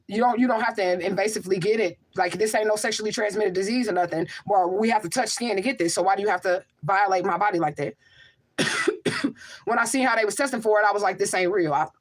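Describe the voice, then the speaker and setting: A woman hosting a casual livestream, reading viewer comments aloud and answering them in an emphatic, rhetorical way, often asking "okay?". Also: mid-range voice. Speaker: livestream host and spiritual medium.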